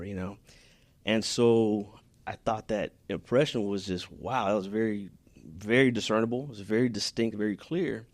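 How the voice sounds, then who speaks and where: A man's voice: fairly low pitch, steady tone, normal speed, no room sound. A man from Houston, Texas, talking as a podcast guest in an earnest, heartfelt way, often restarting his sentences. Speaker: podcast guest, business owner. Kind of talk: casual interview chat.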